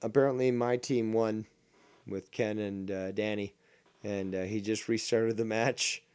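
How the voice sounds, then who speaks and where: A man's voice: on the low side, fairly even intonation, a little slow, a little mellow, clear, resonant tone. A man in casual stream chat, giving sarcastic, mocking commentary.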